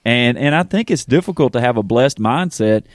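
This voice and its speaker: A man, a pastor co-hosting a casual faith podcast, talking in a rambling, animated way with many restarts. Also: mid-range voice, normal speed, no room sound, clean studio sound. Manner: animated, rambling, self-interrupting with fillers.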